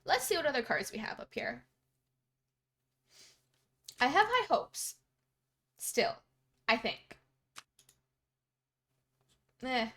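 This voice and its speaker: A woman's voice: sits high, a bit bright. A young woman from Canada, a streamer chatting casually with her viewers while she plays, bubbly and giggly as she reads out their messages. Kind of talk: casual live-stream chat.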